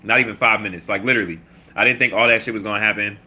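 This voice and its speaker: Low, bright-voiced man. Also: steady tone, rapid-fire, slightly rough. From Baltimore. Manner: loose, slangy, reads chat comments aloud with shout-outs. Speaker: livestream host. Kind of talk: casual livestream chat.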